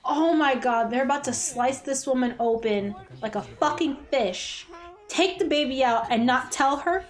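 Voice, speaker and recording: A woman's voice: high voice, unhurried. A woman hosting a reaction video, talking bluntly to the screen with frequent exclamations and swearing. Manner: blunt, swears freely, talks straight to the screen; emotional, exclaims and gasps often. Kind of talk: casual reaction commentary.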